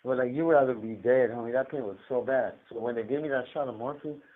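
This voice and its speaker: This is a man talking over a tinny prison phone line, with a voice of ordinary pitch. He rambles and swears, stammering and doubling back on his words as he tells his story. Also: quick pace. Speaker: inmate on a collect call. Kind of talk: casual storytelling.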